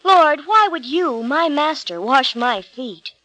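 A woman reading the part of an impulsive, earnest male disciple in a storybook Bible tale, pitching her voice up as he pleads. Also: expressive, slow, bright, forceful tone, no echo, full character voice, poor audio. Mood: pleading.

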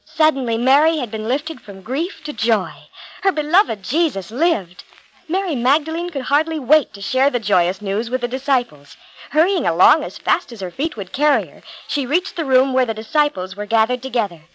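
A woman narrating a storybook, reading aloud in a clear, expressive way. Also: high voice, moderate pace, poor audio.

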